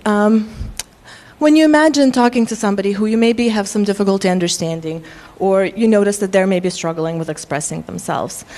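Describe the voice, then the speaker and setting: A woman with a faint Russian accent presents a workshop to faculty, explaining at a measured pace with frequent ums. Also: mid-range voice, darkish tone. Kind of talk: lecture to faculty.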